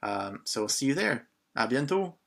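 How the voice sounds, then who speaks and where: A man's voice: medium pitch, sing-song, normal speed, fairly bright tone. A man from Canada teaching a beginner lesson in a casual way, asking learners questions and often saying um. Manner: patient, prompts learners with questions, frequent ums. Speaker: French teacher.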